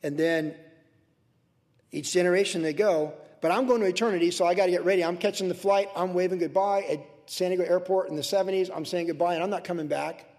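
An older man preaching a sermon from the pulpit in an earnest, emotional way, swinging from soft to loud. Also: high voice, steady tone, quick pace, big-room sound. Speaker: pastor. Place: church sanctuary.

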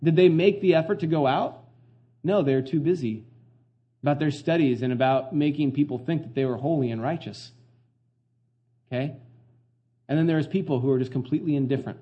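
A man's voice: a little high, a little fast, pauses often, highs cut off. A middle-aged man preaching a sermon as pastor, earnest and conversational, full of fillers and restarts.

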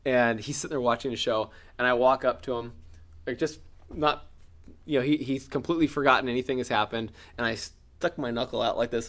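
A middle-aged man preaching a sermon, telling a personal story with acted-out cries and shouts. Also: medium pitch.

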